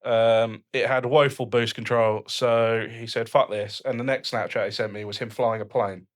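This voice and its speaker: A man co-hosting a casual car podcast in a home setup. He rambles and jokes with easy, sweary banter at a medium pitch. He is recorded close on a studio microphone. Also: flat delivery, normal speed. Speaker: podcast co-host. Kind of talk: casual chat. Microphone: studio microphone on a stand.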